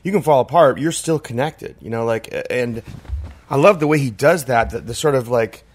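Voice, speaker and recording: A man's voice: mid-range voice, normal speed. A man in casual podcast chat, talking in a reflective, rambling way with many "like" and "you know" fillers. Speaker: podcast co-host.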